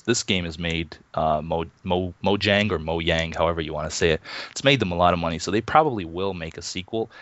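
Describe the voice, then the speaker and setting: Low-voiced man in his thirties, chatting. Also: no echo. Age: 30s. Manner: relaxed, chuckling, many fillers and restarts. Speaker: interview guest, Minecraft YouTuber. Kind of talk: casual interview chat. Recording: dull, muffled lo-fi online call.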